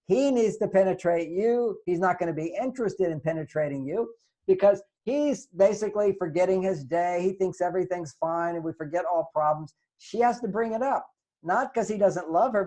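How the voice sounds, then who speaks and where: This advice talk features an older man, a relationship author and guest, whose mellow, high-sitting voice moves at a moderate pace. He's earnest and lecturing, acting out whatever lines he quotes.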